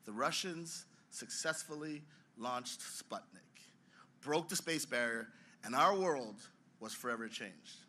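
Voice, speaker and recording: A man's voice: mid-range voice, expressive, slow, pushed and bright. A man, head of a science museum, giving a formal ceremonial speech in a dramatic, emphatic storytelling manner.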